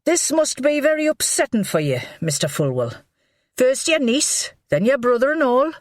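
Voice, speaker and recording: A woman narrator plays a blunt, shrewd middle-aged police inspector, needling and mock-innocent as she probes. The voice sits a little higher than the narration and moves lively, in a close, dry recording. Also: moderate pace, dry recording. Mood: probing. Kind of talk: audiobook character voice.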